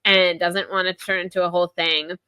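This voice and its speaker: A woman's voice: fairly low pitch, flat delivery, bright, forceful tone, smooth, no room sound, poor audio. A woman hosting a podcast, recapping a book chapter in a chatty, gossipy way, full of asides and acted-out character lines. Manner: acts out the characters' lines in quick voices. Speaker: podcast host.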